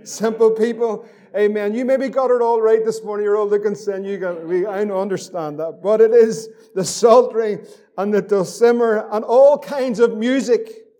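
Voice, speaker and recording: A man's voice: sits high, mellow. A man preaching a fervent sermon as pastor, repeating phrases and reading scripture aloud.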